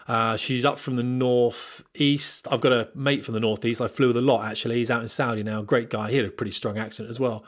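A man's voice: medium pitch, fairly even intonation, a little fast, few pauses. A man hosting a casual podcast from home, a former pilot who digresses freely and talks straight to his viewers. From Britain. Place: at home in front of a camera.

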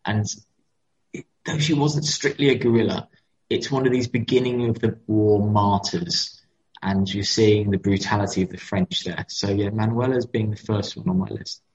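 A man's voice: on the low side, fairly even intonation, normal speed, a little mellow. A man co-hosting a casual history chat, telling stories with many fillers and restarts. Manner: storytelling, with frequent fillers and restarts. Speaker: podcast co-host. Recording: echoey, dull-sounding room.

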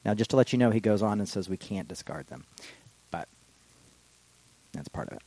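A man preaching a casual, rambling sermon that slows for solemn readings. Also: fairly low pitch, animated, dark tone, dry recording, poor audio. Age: adult with children. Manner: casual and digressive, slows down for quotations. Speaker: pastor. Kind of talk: informal sermon.

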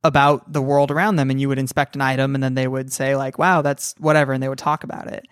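A woman co-hosting a casual chat about video games, animated and rambling, laughing often. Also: rumbling low, fast, clean tone, dry recording, studio quality. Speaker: podcast co-host.

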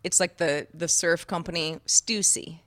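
A woman co-hosting a podcast in casual chat, telling stories with lively mimicry of other people. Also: on the low side, measured pace, no echo, clean studio sound. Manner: animated storyteller who mimics friends in character voices. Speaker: podcast co-host.

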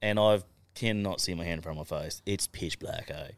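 A man's voice: sits low, a little fast. A young Australian man on a podcast, telling stories in a casual chat. He swears constantly and laughs through his stories. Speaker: podcast guest.

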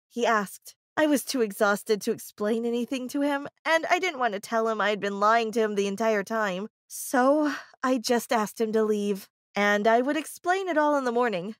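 A woman's voice: a little high, moderate pace, few pauses, dry recording, clean studio sound. Woman telling a first-person story. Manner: emotive, confessional.

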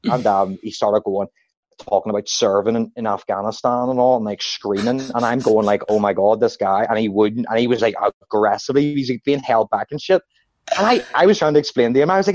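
A man's voice: on the low side, brisk, no echo. A man, a stand-up comedian, telling stories in casual chat and acting out what people said. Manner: animated anecdotes with acted-out quotes.

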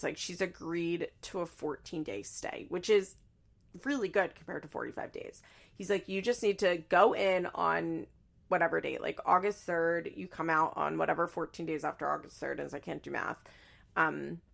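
Brief: young woman, casual recap host, vocal fry, lively and quick with impressions. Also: on the low side. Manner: chatty and animated, acting out quotes in shrieky voices. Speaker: podcast host recapping a reality show.

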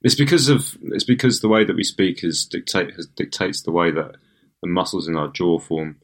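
Deep-voiced teasing man. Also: animated, normal speed. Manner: playful, teasing. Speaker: podcast co-host. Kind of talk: casual chat.

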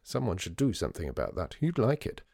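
A man voicing a brisk, theatrical disgraced store founder, wry and showy. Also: low-pitched, huge pitch swings, vocal fry, a little mellow, slightly rough, no room sound, clean studio sound, heavily acted.

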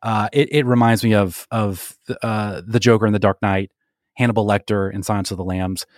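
A man's voice: fairly low pitch, fairly even intonation, a little fast, dry recording. Dry-humored man, podcast co-host. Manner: dry, jokey, lots of filler words. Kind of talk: casual sports and pop culture chat.

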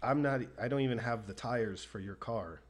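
A man from the United States telling a story in casual chat, lively and acting out the people he quotes. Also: medium pitch, normal speed.

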